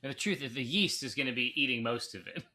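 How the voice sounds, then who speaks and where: A man's voice: medium pitch, quick pace, pushed and bright. A man co-hosting a live brewing stream, chatting casually with many fillers and restarts. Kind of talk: casual chat while reading viewer comments.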